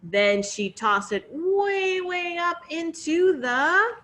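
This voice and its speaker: A woman telling a fairy tale to children, expressive and coaxing, inviting them to join in. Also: very high voice, slow pace. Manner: expressive, coaxing, sing-song. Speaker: children's storyteller. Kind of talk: interactive read-aloud for children.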